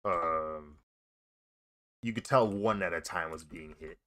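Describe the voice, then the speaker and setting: Deep-voiced laid-back young man. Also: slow, pushed and bright. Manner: slangy, laughs often, musing aloud. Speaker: artist streaming while drawing. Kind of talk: casual reaction commentary.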